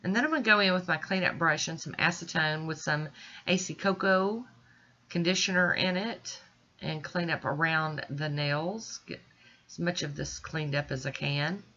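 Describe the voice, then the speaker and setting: Stuffy-nosed chatty woman, bright voice. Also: low-pitched, moderate pace, muffled recording. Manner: chatty and reassuring, speaks directly to viewers. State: stuffy, congested sinuses with throat clearing. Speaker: nail art vlogger. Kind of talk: casual step-by-step tutorial narration.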